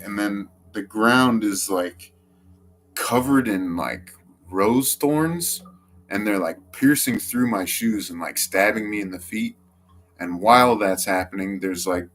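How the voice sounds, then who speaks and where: Rambling young man, low voice, faint music. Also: fairly bright tone. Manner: rambling, heavy use of filler "like"; swearing, quick quoted outbursts. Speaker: storyteller. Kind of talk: casual first-person story.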